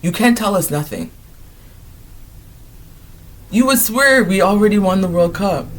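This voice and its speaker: Chatty, excitable man with a higher voice. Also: a little slow, slight background noise. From Ghanaian heritage. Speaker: vlogger. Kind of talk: casual vlog chat.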